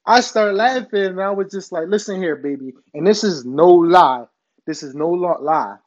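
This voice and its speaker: A man telling a crude personal story in a casual, animated way, laughing often and swearing freely. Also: fairly high pitch, slight background noise.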